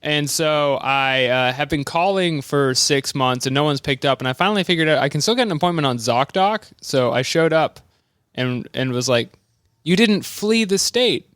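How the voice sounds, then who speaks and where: A man's voice: mid-range voice, moderate pace, a bit bright, smooth, no room sound, clean studio sound. A male podcast host telling a rambling comic story and acting out other people's lines, laughing often. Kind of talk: comedic storytelling chat.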